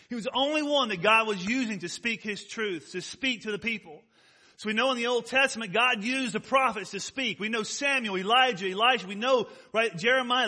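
Speaking conversationally from the pulpit, this pastor has a voice that sits high, with a bright and forceful tone. Rhetorical questions come often, and he eases his pace to lean on important words.

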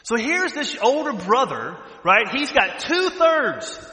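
A man with a Southern US accent preaching a sermon, swinging between loud bursts and hushed asides. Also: very high voice, very animated, slow pace. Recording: echoey hall reverb.

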